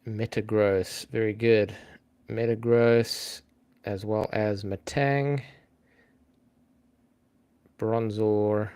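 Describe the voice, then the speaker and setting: Guy running a trivia stream, lowish voice, chatty, talks to chat and thinks out loud. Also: fairly even intonation, very slow, pauses often, smooth. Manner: chatty, thinks aloud, reads out names and greets viewers. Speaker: live-stream trivia host. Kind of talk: casual live-stream chat.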